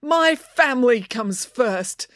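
Casting: woman playing a fired-up, protective dad, emphatic and high, storybook reading. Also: expressive, takes it slowly, fairly bright tone, dry recording, studio quality. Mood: defiant. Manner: indignant, emphatic. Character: indignant, protective middle-aged father.

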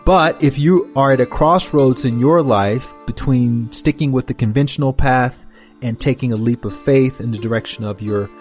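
A man's voice: mid-range voice, moderate pace, a little mellow, soft background music. A man hosting a podcast, introducing his guest and then interviewing her in a friendly, teasing way. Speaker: podcast host.

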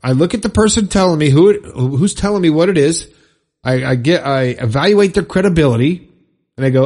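A man hosting a podcast, fired up and preachy, repeating phrases for emphasis in a husky voice. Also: on the high side, expressive, a little fast, a little mellow. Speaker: podcast host. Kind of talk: impassioned motivational monologue.

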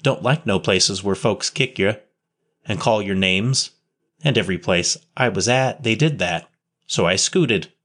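A man reading a story, voicing a poor street boy who talks in rough slang with double negatives. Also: fairly low pitch, measured pace, a bit bright. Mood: plain, wary. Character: ragged, shy street boy, near twelve.

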